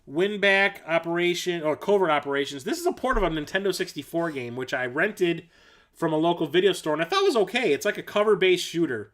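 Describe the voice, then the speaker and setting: A man's voice: fairly high pitch, animated, fairly quick, a bit bright. A man hosting a casual livestream, rambling enthusiastically through his collection with fillers, self-corrections and blunt, mildly profane remarks. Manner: blunt and casual, with mild swearing. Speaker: livestream host showing his game collection.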